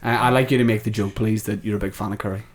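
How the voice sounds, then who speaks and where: A man's voice: lowish voice, steady tone, racing. A man co-hosting a comedy podcast, teasing and playful, laughing often. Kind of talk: improvised comedy bit.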